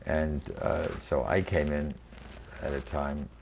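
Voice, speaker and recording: A man in his eighties from New York City, recalling his career in a halting oral history interview full of fillers and restarts. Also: extremely low pitch, fairly even intonation, vocal fry, a little mellow, a little hiss or hum. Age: 80s. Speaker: interviewee, venture capitalist. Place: quiet room.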